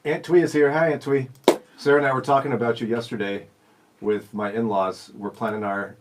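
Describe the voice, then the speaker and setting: An easygoing man hosts a casual radio live stream, mixing teasing with thoughtful reflection. His pitch is middling, and faint noise hums behind him. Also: fairly even intonation, fairly quick. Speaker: radio show host.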